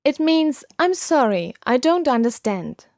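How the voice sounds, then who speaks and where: Woman podcast language teacher; measured, clearly enunciated, close mic, dry booth. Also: sits high, big pitch swings, no room sound. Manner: patient, slow and clearly enunciated instruction. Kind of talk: scripted podcast lesson.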